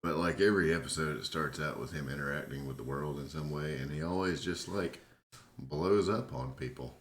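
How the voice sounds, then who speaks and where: A man's voice: extremely low pitch, a little fast, slight background noise. A tipsy man co-hosting a podcast, chatting casually in a rambling, laid-back way and swearing freely. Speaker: podcast co-host. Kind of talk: casual chat. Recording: roomy echo.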